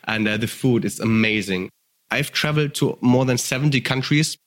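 Guy on a podcast, mid pitch, super enthusiastic, lots of likes and a bit sweary. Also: moderate pace. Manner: rambling, peppered with filler words and swearing. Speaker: podcast guest. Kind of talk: casual storytelling chat.

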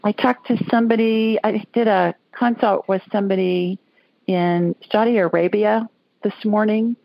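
A woman's voice: mid-range voice, fairly even intonation, moderate pace, vocal fry, no echo, highs cut off. A woman from Alabama hosting a call-in radio show, talking in a chatty, folksy way. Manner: chatty, folksy, laughs easily. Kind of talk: casual call-in chat.

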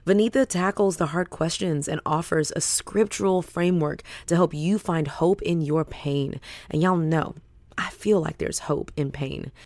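An effusive woman hosts a faith podcast in a casual chat. Her voice sits fairly low, and the sound is close and dry. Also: moderate pace, darkish tone, no echo. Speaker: podcast host.

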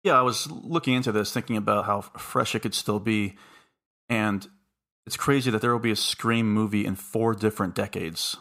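Man, podcast host, gravelly, low voice, casual chat, laughs between points. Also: fairly even intonation, normal speed, fairly bright tone.

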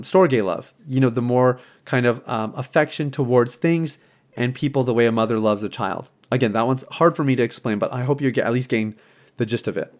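Earnest married man talking on a podcast. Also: mid-range voice. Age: adult, married. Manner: earnest, conversational, many restarts and fillers. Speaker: podcast host. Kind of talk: reflective casual monologue.

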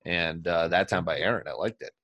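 Deep-voiced man rambling through a story. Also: brisk, no echo, highs cut off. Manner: rambling, animated, laughs while telling stories. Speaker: podcast host. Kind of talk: casual storytelling chat.

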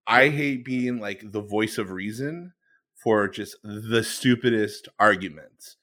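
A man's voice: on the low side, sharp tone. A man co-hosting a podcast, telling a story in a casual, rambling way with many restarts. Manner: rambling, halting, lots of fillers and restarts. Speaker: podcast co-host.

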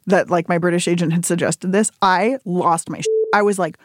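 An animated woman in her forties tells stories as an interview guest, her pitch leaping high whenever she acts out her own reactions. She laughs often and talks with candid energy. The sound is dry and close. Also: fairly quick, dry recording. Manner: animated storytelling, jumps high when quoting herself, laughs often. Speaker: interview guest, cookbook author.

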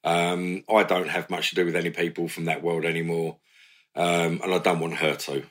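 A man's voice: low-pitched, normal speed. A man, a former career criminal, telling blunt stories with swearing in a candid chat. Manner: blunt, swearing, animated retelling with laughs.

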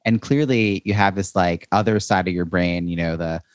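A man with a low voice asks long, rambling questions in a conversational interview. The sound is dry and close, with no room echo, and he circles through fillers before landing on each question. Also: normal speed. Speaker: podcast host.

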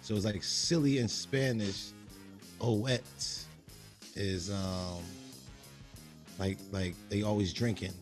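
Male co-host, boisterous banter, low pitch, faint music bed. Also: fairly even intonation, slow, long pauses. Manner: boisterous, loud and joking. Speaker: podcast co-host. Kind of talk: casual podcast banter.

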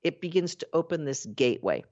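A woman with a deep, low voice gives a spiritual talk to her listeners. She is expressive, playing out everyday inner voices and drawing out her key words. The recording sounds a little dull and lo-fi. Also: a little fast. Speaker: spiritual teacher.

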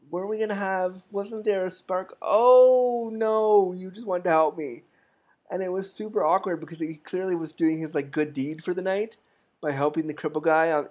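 A man's voice: fairly high pitch, muffled recording. A man giving a personal storytelling talk, frank and humorous, with a wry edge. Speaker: speaker telling stories to an audience.

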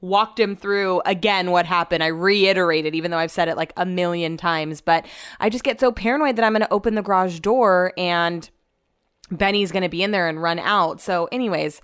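A woman's voice: fairly low pitch, steady tone, normal speed, a bit bright, smooth. A young adult woman rambling through a casual vlog story, full of "like" fillers. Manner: chatty and rambling, with constant "like" fillers. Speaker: vlogger and radio host.

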